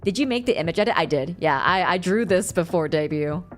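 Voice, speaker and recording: Lively young woman chatting on stream. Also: on the low side, brisk, faint music behind. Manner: animated, laughs often, reads chat aloud. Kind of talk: casual live-stream chat.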